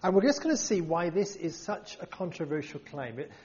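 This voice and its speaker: A man's voice: fairly high pitch, lively intonation, fairly quick, a little mellow, highs cut off. A man preaching a sermon to a congregation, emphatic and full of rhetorical questions.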